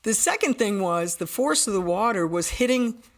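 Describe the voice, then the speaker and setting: Woman podcast guest, mid-pitched, earnest and vivid in her storytelling, with frequent self-corrections. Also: lively intonation, moderate pace. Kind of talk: telling a personal story in conversation.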